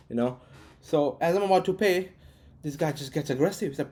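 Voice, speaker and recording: A man's voice: mid-range voice, fast, mellow. Rambling man telling a story. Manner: rambling, frequent restarts and fillers. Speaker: vlogger. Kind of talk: casual storytelling to camera.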